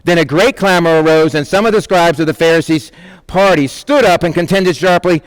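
A male pastor with a voice on the high side delivers a brisk, conversational sermon, acting out Bible characters in casual modern speech. The recording has no room sound.

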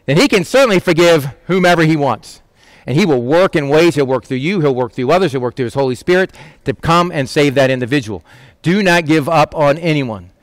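A man's voice: fairly high pitch, no room sound, studio quality. A man teaching on a Bible passage in a conversational way, asking rhetorical questions and acting out quoted voices. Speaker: preacher.

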